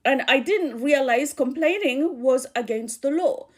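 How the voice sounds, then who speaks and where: A woman's voice: high-pitched, animated, unhurried. A woman with a Kikuyu accent delivering earnest political commentary as a channel host. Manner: earnest, warning.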